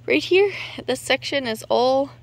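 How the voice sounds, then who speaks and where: A woman's voice: high voice, animated, measured pace, vocal fry. Chatty woman vlogging outdoors, out of breath. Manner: chatty and rambling, thinking aloud. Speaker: homesteading vlogger. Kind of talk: casual outdoor vlog narration. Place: outdoors in a yard clearing brush.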